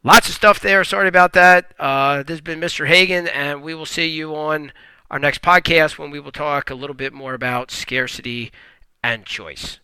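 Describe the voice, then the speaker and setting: A man's voice: on the high side, fairly even intonation, normal speed, bright, forceful tone, smooth, no echo, rough recording. A man teaching economics in a recorded podcast lecture, explaining emphatically and often restarting his sentences.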